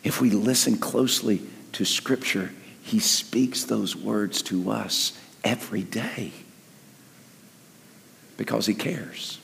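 An older man preaching a sermon in an animated way, dropping to near-whispers and then rising to loud emphasis. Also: fairly low pitch, slow pace, vocal fry. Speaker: pastor. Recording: echoey hall with long reverb.

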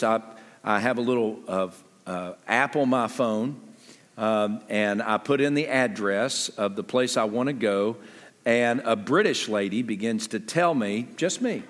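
A man preaching a sermon as pastor, talking conversationally with lively jumps in pitch and quick asides. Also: long reverb tail.

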